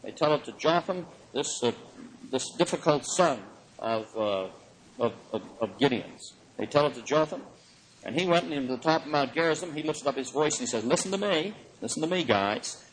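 A man giving a lecture on the Bible in an animated way, chuckling often and swinging his pitch for emphasis. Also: normal speed, poor audio. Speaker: Bible teacher.

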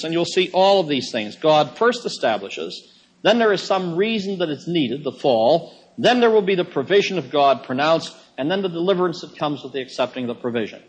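A man's voice: fairly high pitch, breathy edge. A man in his fifties preaching a sermon in a conversational teaching manner, repeating key phrases for emphasis. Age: 50s. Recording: dull lo-fi recording.

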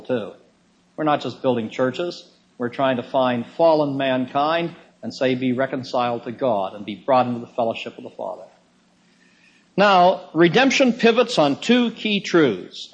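A man in his fifties preaches a sermon in a conversational teaching manner, repeating key phrases for emphasis. His mid-range voice is husky, and the recording is dull and lo-fi.

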